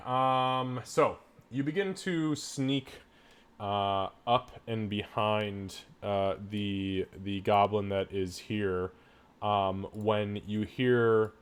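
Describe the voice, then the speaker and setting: Male game master, lowish voice, online session, hesitant, filler-heavy delivery. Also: smooth. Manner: halting, lots of fillers and restarts while narrating. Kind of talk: running a tabletop game online.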